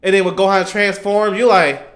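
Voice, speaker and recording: A young man with a high, light voice tells a rambling, excitable story about a cartoon scene. He keeps jumping in to act out what the characters said, and he circles back over his own points. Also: normal speed. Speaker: YouTuber reacting to anime. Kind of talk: casual animated storytelling.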